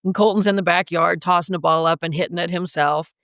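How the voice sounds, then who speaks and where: A woman's voice: on the low side, fairly even intonation, fast talker, a bit bright, no room sound, clean studio sound. A woman coach, a podcast guest, telling a personal story in a vivid, dramatic way.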